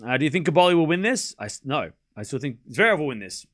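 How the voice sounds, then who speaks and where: Chatty streamer calling tennis live. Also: male voice, on the high side, sing-song, fast talker. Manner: chatty, jumps between calling points and thanking viewers. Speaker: livestream host. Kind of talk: casual live tennis watchalong commentary.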